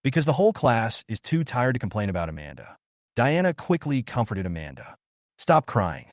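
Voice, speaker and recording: Lively male story narrator. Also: mid-range voice, brisk, dry recording, clean studio sound. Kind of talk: scripted narration.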